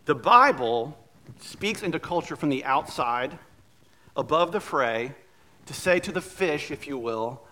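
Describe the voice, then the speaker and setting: A man's voice: fairly high pitch, animated, a little slow, pushed and bright. A man preaching a sermon as pastor, telling stories in a conversational way with light humor.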